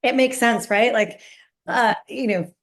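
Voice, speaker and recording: A woman's voice: a little high, a little slow. A woman podcast host with a Brooklyn accent, chatting casually and giving everyday examples. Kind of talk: casual interview chat.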